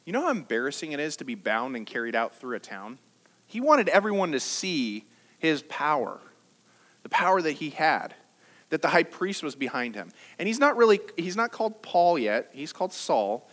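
At a church service, a pastor preaches in a bright, high voice that jumps up and down, very animated but at normal speed. He talks as if chatting with the congregation, teasing them with jokes and rhetorical questions, his tone swinging energetically from line to line.

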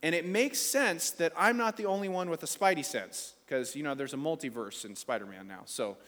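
A man's voice: a little high, a little fast, fairly bright tone. A pastor preaching a sermon to his congregation, talking casually and building to emphatic peaks. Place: church sanctuary. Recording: reverberant church hall with faint music.

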